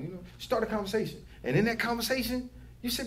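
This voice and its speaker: A man's voice: high voice, expressive, quick pace, fairly bright tone, slight background noise. A young man, a barber giving advice to new barbers in casual, profane chat, repeating his catchphrases. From Philadelphia. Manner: loose, swearing, repeats catchphrases.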